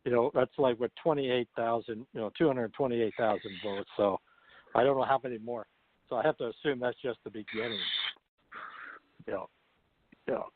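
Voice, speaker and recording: A man co-hosting a political talk radio show, telling stories in a chatty, animated way. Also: medium pitch, normal speed, pauses often, dry recording. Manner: chatty storyteller, animated retellings. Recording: dry tinny phone line.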